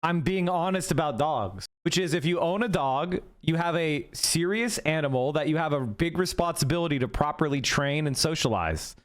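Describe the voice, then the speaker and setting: A male live streamer in casual chat, arguing his points quickly and talking straight to his viewers, his voice going hoarse. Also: on the high side, lively intonation. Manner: fast, argumentative, talks straight to chat. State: losing his voice.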